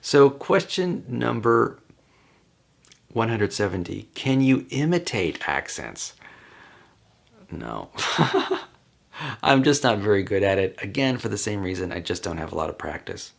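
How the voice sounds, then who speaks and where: A man with a low, gravelly voice chats on his own, working through a list of questions. He rambles easily, stopping for ums and small laughs as he thinks out loud. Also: sing-song, a little slow, pauses often. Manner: rambling, chatty, with frequent ums and light laughs. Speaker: vlogger. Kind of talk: casual solo talk answering questions.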